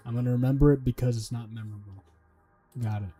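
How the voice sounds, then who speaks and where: A man's voice: mid-range voice, fairly even intonation, quick pace, mellow, breathy edge, soft background music. A man streaming while he studies, talking to himself casually, swearing and making up silly memory tricks. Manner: muttering to himself, swearing, joking mnemonics. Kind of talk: casual livestream study talk.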